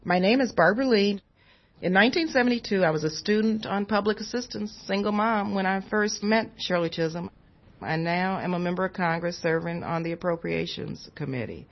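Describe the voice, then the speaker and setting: Older woman remembering stuff in an interview, a bit husky, earnest. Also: mid-range voice, brisk, highs cut off. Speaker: member of Congress, interviewee. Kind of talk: interview recollection.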